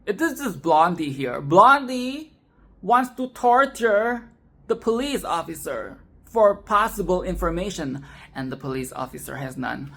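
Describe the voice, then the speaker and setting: Slow-talking woman ranting about a film. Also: lowish voice, gravelly, slight background noise. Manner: animated, swears and laughs often, repeats phrases for emphasis. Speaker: film review vlogger. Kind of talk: casual film commentary.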